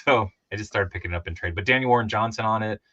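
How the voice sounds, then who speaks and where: A man talking as a guest in a casual chat over a video call, rambling and animated. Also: fairly low pitch, racing, muffled recording. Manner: rambling, animated, puts on voices for stories.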